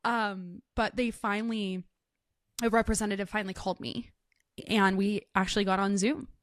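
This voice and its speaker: A woman hosting a casual interview, telling personal stories in an animated way and acting out the voices of the people in them. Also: mid-range voice, normal speed, no room sound, clean studio sound. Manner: animated storyteller, acts out quoted voices. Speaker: host.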